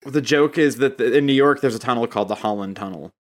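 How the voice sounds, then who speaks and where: A man's voice: mid-range voice, fast. A man in a casual podcast chat, explaining jokes at length to his co-hosts. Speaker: podcast co-host.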